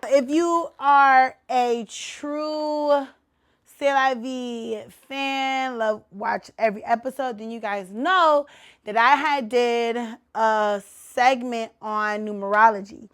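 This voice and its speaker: A woman hosting her own podcast in casual chat, animated and a little tipsy, with loud exclamations and slang. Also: a little high, slow, clear, resonant tone. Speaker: podcast host.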